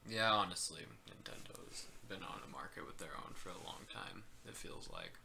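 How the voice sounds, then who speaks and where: Low gravelly man chatting about games. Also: huge pitch swings, normal speed, sharp tone, a little hiss or hum. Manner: hedging, trails off with "like" and "I don't know". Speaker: podcast co-host. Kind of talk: casual gaming chat.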